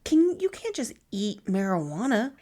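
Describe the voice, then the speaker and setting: A woman's voice: a little high, sing-song, normal speed, mellow. A woman co-hosting a podcast in casual chat, talkative, teasing and skeptical. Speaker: podcast co-host.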